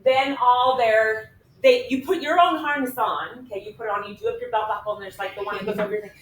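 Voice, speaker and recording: A middle-aged woman teaching math to a class, lively and chatty, often checking in with her listeners. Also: a little high, quick pace, a little hiss or hum. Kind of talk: animated classroom storytelling and teaching. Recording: echoey classroom recorded from a distance.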